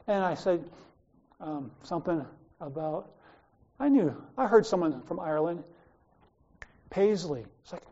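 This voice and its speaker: A man's voice: sits high, unhurried, long pauses, mellow, dull audio. An older man with an Australian accent, preaching a sermon in a conversational storytelling way, with wandering asides. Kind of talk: sermon with personal stories.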